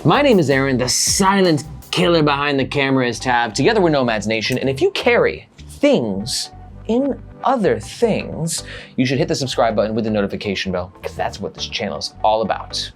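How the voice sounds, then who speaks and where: A man's voice: mid-range voice, fairly quick, soft background music. A man hosting a casual gear review vlog, joking and swearing casually as he talks. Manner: jokey, animated, swears casually.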